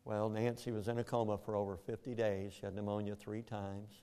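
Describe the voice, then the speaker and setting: A man with a drawl and a somewhat low voice tells a personal story. He speaks plainly and earnestly, moving between quiet and more forceful stretches. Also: little pitch movement, brisk, clear, resonant tone. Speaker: speaker telling his story. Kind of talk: personal testimony.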